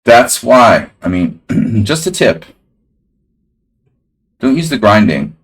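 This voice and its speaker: A man's voice: fairly low pitch, big pitch swings, slow. A man casually commenting on his own chess game on a live stream, rambling and talking to his chat.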